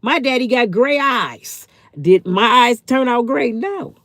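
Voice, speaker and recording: A woman's voice: on the high side, expressive, measured pace, fairly bright tone, dry recording, clean studio sound. A woman in her fifties hosting a live stream, answering her chat in a heated, blunt way and swearing freely. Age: 50s. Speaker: channel host.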